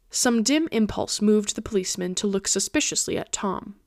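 Woman, audiobook narration, steady reading, mid pitch, dry close sound. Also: moderate pace, few pauses, no room sound. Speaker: podcast host and reader.

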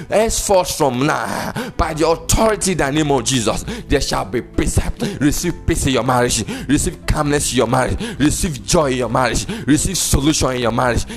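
A man with a Nigerian accent, a pastor delivering a sermon and fervent prayer in repeated, sing-song decrees. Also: fairly high pitch. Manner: emphatic, repetitive decrees.

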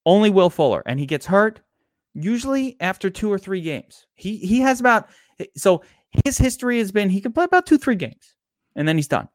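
A man's voice: sits high, big pitch swings, brisk, dry recording, clean studio sound. A man co-hosting a casual fantasy football podcast, ranting and swearing freely as he argues. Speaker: podcast co-host. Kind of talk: casual sports podcast debate.

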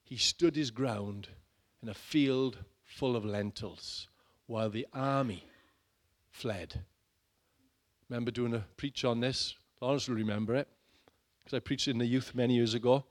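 A middle-aged man preaching a sermon, dramatic and shifting between loud urging and hushed low lines. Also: fairly even intonation, a little slow. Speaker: pastor.

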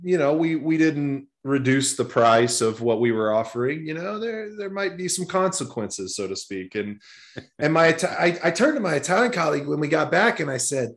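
A man's voice: a little high, animated, moderate pace, a bit bright. A man in his forties from Texas, a guest telling long stories in a casual interview, with many restarts. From Texas, USA. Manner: rambling, repeats words and restarts often.

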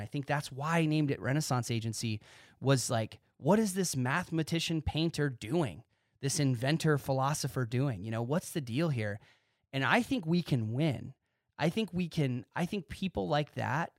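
A man hosting his own podcast, talking excitedly in a casual monologue and acting out quick bits of dialogue. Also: mid-range voice, no room sound, clean studio sound. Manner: excitable, animated, talks with his hands in quoted dialogue. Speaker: podcast host.

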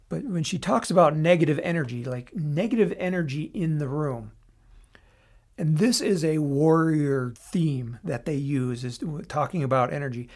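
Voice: mid-range voice, a little mellow. A podcast host talking through an analysis on their own in a casual, explanatory way, with frequent restarts and asides.

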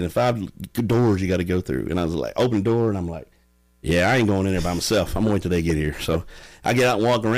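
Deep-voiced man, laughing storyteller, casual chat. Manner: animated, laughing, drawling storyteller. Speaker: podcast guest.

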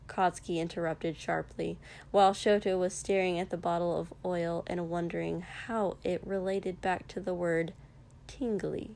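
A woman reading a fan fiction story aloud in a soft, measured narration with occasional small slips. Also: lowish voice, steady tone, vocal fry.

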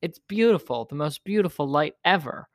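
A man's voice: fairly high pitch, animated, moderate pace, bright, forceful tone, no room sound, clean studio sound. A man voicing the Ziz, a big, possessive young male bird who talks in a childlike, whiny way. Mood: delighted.

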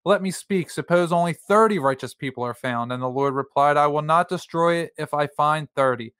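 A man reads scripture aloud in a steady, plain way, now and then stopping for a quick aside. His voice sits a little high and comes across smooth and clear. The sound is dry and close. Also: no echo. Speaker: Bible study reader. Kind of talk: reading scripture aloud and discussing.

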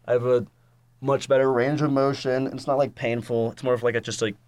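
A man's voice: medium pitch, level tone, brisk, a little mellow, no room sound. A young man, a podcast guest, telling a story in casual chat, swearing freely and acting out what people said. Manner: swearing storyteller, acts out quotes.

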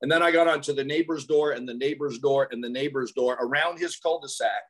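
A man guesting on an interview, a salesman telling animated stories and laughing through them. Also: medium pitch, brisk, slightly rough. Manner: animated storyteller who laughs through his anecdotes. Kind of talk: casual interview storytelling.

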